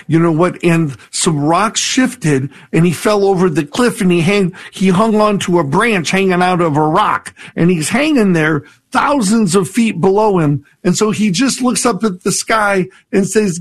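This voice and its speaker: Earnest reflective priest on radio. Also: male voice, sits high, expressive, moderate pace. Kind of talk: call-in radio talk, reflective teaching.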